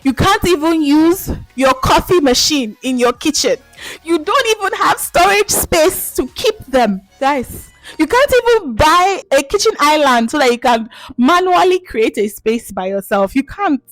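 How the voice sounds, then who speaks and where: A young woman with a Nigerian accent ranting casually to camera as a vlogger, animated and emphatic, laughing often. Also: high-pitched, measured pace, dry recording, faint music behind.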